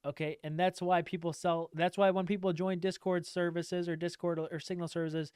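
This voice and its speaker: Ranting man with a smooth voice. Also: sits high, little pitch movement, moderate pace, darkish tone, dry recording, clean studio sound. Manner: emphatic, repetitive, swears casually. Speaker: trading streamer. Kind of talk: direct-to-camera rant.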